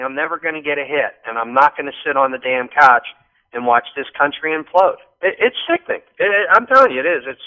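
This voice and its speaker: Male call-in guest, sharp forceful voice, muffled phone line, rambling and fired up. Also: a little high, clean tone. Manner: animated, rambling, repeats words. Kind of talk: casual political talk.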